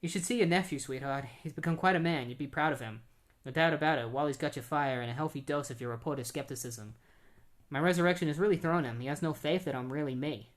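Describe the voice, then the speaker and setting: Grieving hero guy talking soft and tender, read by a podcaster recapping a comic. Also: mid-range voice, fast, close to an everyday voice. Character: grieving superhero man talking to his late wife.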